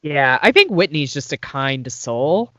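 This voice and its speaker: A woman's voice: sits low, sing-song, a little slow, fairly bright tone, no echo. A woman co-hosting a podcast, chatting casually about reality TV and mostly answering with short agreements. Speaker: podcast co-host. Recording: dry, dull lo-fi sound.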